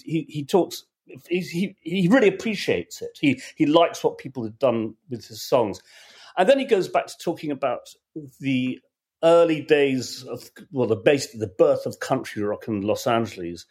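A man hosts a casual music show with a slightly husky voice. He talks in a measured way and restarts phrases as he works through a thought. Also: medium pitch, a little mellow. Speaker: podcast host.

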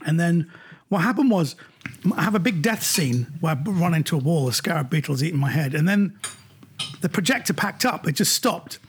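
Husky, animated middle-aged storyteller man. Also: fairly high pitch, moderate pace. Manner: animated, laughs through his stories, acts out quoted voices. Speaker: guest. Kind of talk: anecdotal storytelling in a chat. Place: at home. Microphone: video call.

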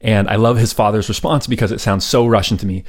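A man with a fairly low voice hosts a history podcast. He tells the story in a loose, conversational way, pausing for ums and friendly asides. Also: fairly even intonation. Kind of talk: casual storytelling narration.

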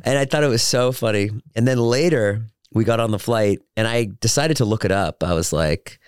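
A man's voice: fairly low pitch, normal speed, clear, resonant tone, no room sound, clean studio sound. A man hosting a solo podcast, telling joking, rambling anecdotes with lots of fillers and restarts. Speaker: podcast host.

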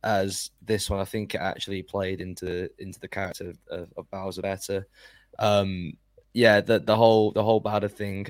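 A man co-hosting a casual podcast chat, relaxed and a little hesitant. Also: low voice, no echo. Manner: relaxed, hesitant with fillers and restarts. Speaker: podcast co-host.

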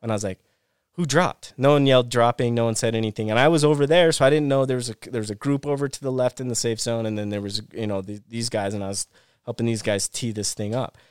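Smooth-voiced man telling a gripping story. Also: medium pitch, fast, dry recording, studio quality. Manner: animated retelling full of restarts and repeated phrases. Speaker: podcast guest, former pro snowboarder. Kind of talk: casual storytelling interview.

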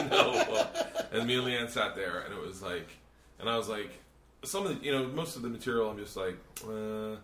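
A man hosting a podcast, telling a long story in casual chat, swearing a lot and rambling with animated energy. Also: fairly low pitch, brisk. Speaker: podcast host and comedian. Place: hotel room. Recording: roomy hotel room echo.

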